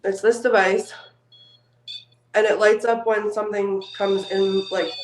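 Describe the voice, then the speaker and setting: A woman on a live ghost hunt streaming from a phone on a selfie stick inside an old house, speaking softly and coaxingly to the spirits. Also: mid-range voice, level tone, measured pace, roomy sound, slight background noise, low-quality recording.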